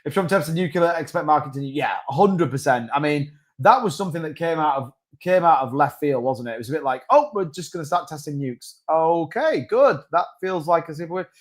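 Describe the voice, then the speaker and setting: A man's voice: on the high side, expressive, brisk. A man hosting a casual crypto live stream, rambling and reading out viewer comments.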